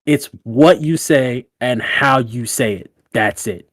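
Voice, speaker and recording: A man's voice: slow pace, dry recording. Male podcast co-host, casual and slangy, swears freely, laughs a lot, dry studio sound. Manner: loose, slangy and profane, laughing often; animated, with big jumps in pitch when telling stories. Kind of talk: casual podcast chat giving dating advice.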